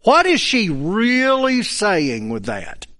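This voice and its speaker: Animated preacher man with a high voice. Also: takes it slowly. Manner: animated, acts out the quoted speakers. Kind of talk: sermon.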